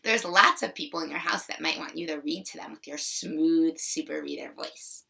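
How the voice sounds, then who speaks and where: A woman teacher giving a slow, expressive, encouraging video reading lesson to young children. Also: sits low, vocal fry, distant mic.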